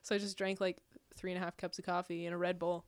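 A woman's voice: on the low side, flat delivery, quick pace, dry recording. A woman in her twenties from the United States, co-hosting a podcast in casual chat, giggling often. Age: 20s. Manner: giggly, laughs often, chatty. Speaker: podcast co-host. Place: podcast studio.

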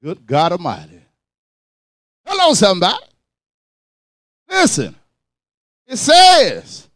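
High, lively preaching man, shouting out. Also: slow pace, vocal fry, pauses often, dry recording, clean studio sound. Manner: call-and-response preaching, swings between shouting and low asides. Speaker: pastor. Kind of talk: sermon.

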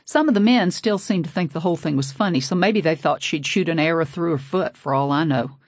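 A woman's voice: low-pitched, a little fast, darkish tone, no room sound, clean studio sound. A woman narrating a novel in a folksy, sassy first-person voice. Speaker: audiobook narrator. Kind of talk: scripted narration.

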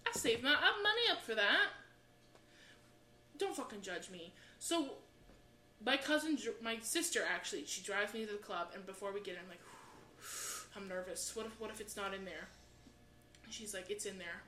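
Bright-voiced, foul-mouthed woman storyteller. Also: mid-range voice, normal speed, long pauses. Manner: animated, swears constantly, acts out voices. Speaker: podcast co-host. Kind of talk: profane comedic storytelling. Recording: roomy echo with faint background hiss.

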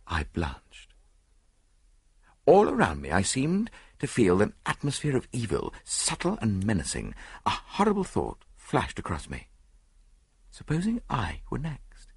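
A man reading an audiobook, narrating a story in the first person in a measured way. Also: on the low side, huge pitch swings, creaky, slightly rough, no room sound. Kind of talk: scripted narration.

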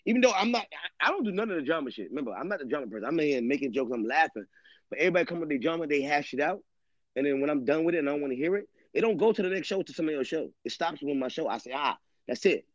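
A man's voice: fairly high pitch, animated, rapid-fire, no echo. A man hosting a live stream, rambling casually in street slang and swearing often. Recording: dull lo-fi dry audio.

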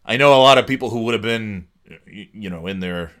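A man's voice: on the low side, fairly quick. A middle-aged man rambling casually and jokingly on his own show, standing at a desk microphone indoors. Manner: rambling, joking, lively impressions. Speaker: vlogger. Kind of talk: casual solo rant.

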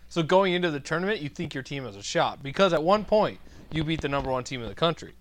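A man co-hosting a podcast, chatting casually about sports with a relaxed, filler-heavy way of talking. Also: a little high, fast talker, slight background noise. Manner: laid-back, lots of "like" fillers. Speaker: podcast co-host.

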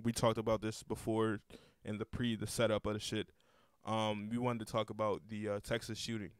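Young guy podcast host, smooth voice, rambles and repeats himself, swears a lot, dry close mic. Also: on the low side, dry recording. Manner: rambling, repeats words, curses freely. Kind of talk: casual podcast chat.

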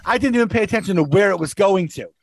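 A podcast regular with a high, gravelly voice talks quickly as he shares rideshare stories in a casual chat. He's animated and acts out the voices of the people in his anecdotes, and the recording is dry.

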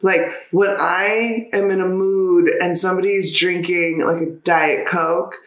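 A woman co-hosting a podcast, telling stories in a playful, giggly, animated way. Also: lowish voice, a little slow. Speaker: podcast co-host. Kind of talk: casual chat. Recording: echoey room.

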